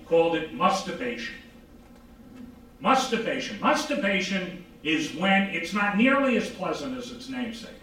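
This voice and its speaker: Guy lecturing in a big echoey room from far off, high lively voice, bit of background hiss. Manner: animated, asks rhetorical questions and answers them; acts out quoted dialogue. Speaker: psychologist giving a lecture. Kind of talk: informal lecture.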